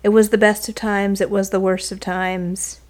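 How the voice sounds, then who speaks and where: A woman in her thirties co-hosting a podcast, telling a story in a casual, animated, self-mocking way. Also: medium pitch, normal speed. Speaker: podcast co-host. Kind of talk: casual chat.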